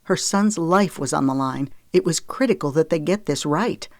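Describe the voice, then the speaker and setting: An audiobook narrator reads a romance novel from a script in a steady, measured voice of even, middle pitch. The recording is close and dry, with no room sound and no echo.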